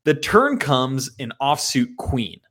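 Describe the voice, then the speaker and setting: A man's voice: mid-range voice, very animated, takes it slowly, a bit bright. A man recapping his poker hands in a casual, profane and self-mocking way. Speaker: poker player.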